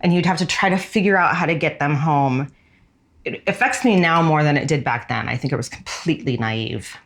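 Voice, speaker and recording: A woman in her forties with a low voice recalls her past in a candid, unhurried way. She is a fashion designer from the United States, and she often lingers on words that matter to her. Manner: candid and reflective, often slowing down on key words. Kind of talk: reflective personal storytelling.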